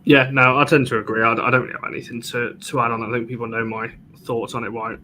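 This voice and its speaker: A man's voice: mid-range voice, flat delivery, bright, forceful tone, a little hiss or hum. A man hosting a fan panel in chatty casual talk, often restarting his phrases. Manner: chatty, halting, frequent restarts. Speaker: host. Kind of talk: casual chat.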